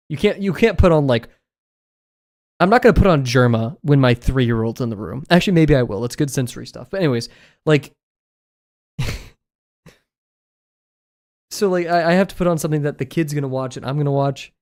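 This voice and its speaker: A young American man streams himself drawing and chats casually, rambling, giggling and using lots of filler words. His voice is medium-pitched and a little mellow.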